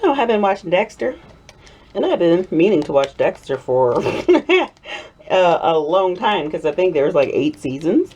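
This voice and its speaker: In her home workshop, a middle-aged woman chats and giggles while making soap for a video, wandering off into rambling asides. Her fairly low voice is slightly rough and a little slow, and excitement pulls her into a playful Southern drawl.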